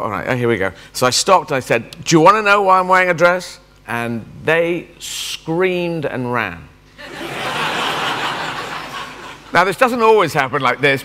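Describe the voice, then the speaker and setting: A man's voice: mid-range voice, sharp tone. A man in his fifties giving a rambling, self-mocking stand-up keynote at a conference. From England. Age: 50s. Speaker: guest speaker. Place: large conference hall. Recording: long reverb of a big hall.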